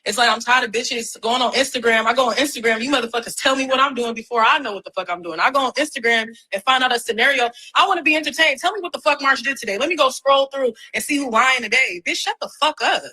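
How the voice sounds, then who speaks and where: A young woman rants into her phone on a livestream, defiant and swearing freely. Her voice sits high and sounds bright and forceful. She keeps circling back to the same blunt phrases. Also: fast talker, few pauses, husky, low-quality recording. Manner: defiant, profane, repeats "straight up". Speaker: reality TV personality on a livestream. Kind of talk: ranting livestream.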